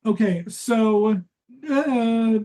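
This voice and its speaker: Woman comedy podcast co-host, lively and laughing, slightly high voice. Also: very slow, poor audio. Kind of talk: casual comedy podcast chat.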